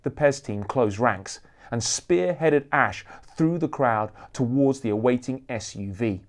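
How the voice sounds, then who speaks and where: A man reading aloud from his own thriller novel, lively and expressive in his narration. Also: medium pitch, measured pace. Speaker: author reading his book.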